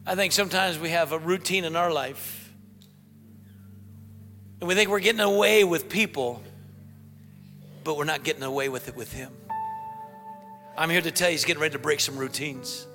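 A man preaching a sermon as pastor, excitable and bursting into shouts, in a large church hall. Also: fairly high pitch, normal speed, pauses often, faint music behind.

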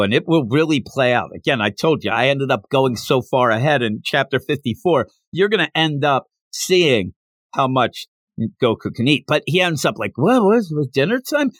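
A man casually retelling a comic chapter for his podcast. His pitch leaps around as he gets animated, and the recording is close and dry with no room sound. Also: normal speed, dry recording. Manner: animated retelling with bursts of put-on character voices. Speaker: podcast host. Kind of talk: casual manga recap.

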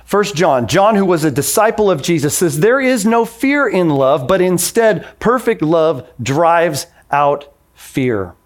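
A man's voice: sits high, very animated, measured pace, hardly any pauses. A man in his forties preaching a sermon in a casual, conversational way, acting out the voices he quotes. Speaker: pastor.

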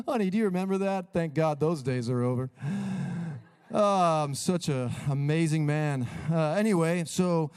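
A man's voice: expressive, darkish tone, clear, resonant tone. A man voicing a smug, self-righteous male pastor who boasts about his own goodness. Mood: boastful. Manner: pompous, self-congratulating, slow and low.

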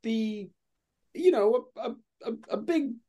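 Hesitant man with a lively pitch. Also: slow pace. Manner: hesitant, lots of fillers and restarts. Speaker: player. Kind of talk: casual tabletop play, often in character.

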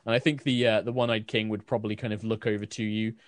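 A man serving as game master for a tabletop game, narrating in a casual, rambling way full of ums and likes. His voice sits on the low side. The sound is close and dry. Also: flat delivery, fast talker, dry recording.

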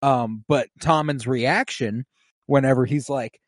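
A man co-hosting a casual rewatch podcast, recapping scenes with profane enthusiasm. He slips into quick impressions of the characters. His voice sits at a middle pitch and is recorded close and dry, with no room sound. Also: no echo. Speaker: podcast co-host.

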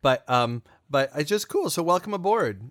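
A podcast co-host chats casually, rambling with lots of fillers and restarts. His voice sits a little high and sounds very animated and fairly bright, moving at a moderate pace. The recording is studio quality with no room sound.

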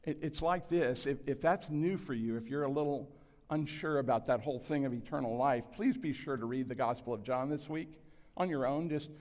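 A man in his sixties delivers a sermon to a large congregation. His voice sits at an ordinary pitch, earnest and self-deprecating, and he acts out the lines he quotes. A long hall reverb trails every phrase. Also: a little fast, a little mellow. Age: 60s. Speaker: pastor.

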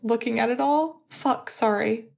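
Give me a tired, tearful young man, as a woman reads him in an audiobook, speaking softly and slowly. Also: fairly high pitch, vocal fry, pitched above the performer's own voice. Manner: soft, halting.

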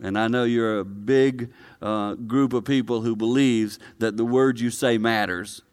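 Smooth-voiced male pastor preaching. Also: measured pace. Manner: swings from low and quiet to loud, high-pitched excitement; conversational, personal preaching with direct address. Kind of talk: sermon to a live congregation.

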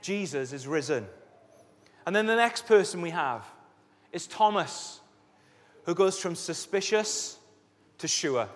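A man preaching a sermon as a pastor, telling Bible stories in a lively way and acting out the scenes. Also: fairly high pitch, takes it slowly, long pauses. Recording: echoey hall reverb.

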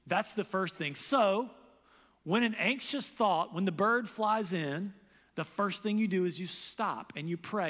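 Male pastor, high lively sermon voice, long church reverb. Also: measured pace. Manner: animated, voices quoted characters loudly.

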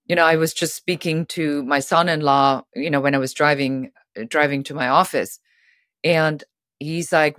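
A middle-aged woman guest on a podcast, telling stories in a lively way and acting out the voices of people she quotes. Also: low voice, normal speed, no echo, studio quality. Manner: animated, acts out quoted voices. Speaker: guest author. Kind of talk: storytelling interview talk.

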